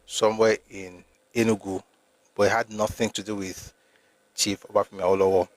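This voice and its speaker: Speaking briskly in a lowish, flat voice, this Nigerian live-stream host reads from history books and discusses them with viewers. He argues pointedly with commenters and turns emphatic at times, keeping the talk casual between read-aloud passages.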